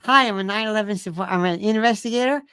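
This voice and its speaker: A man's voice: sits high, fast talker, bright, forceful tone, clean tone, no room sound, clean studio sound. A man mimicking an earnest male conspiracy investigator in a mocking tone.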